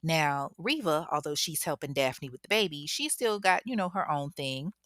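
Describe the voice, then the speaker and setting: A woman's voice: deep voice, expressive, moderate pace, fairly bright tone, dry recording, studio quality. A woman telling a true crime story in a chatty, casual way, talking straight to listeners. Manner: chatty, addresses listeners directly.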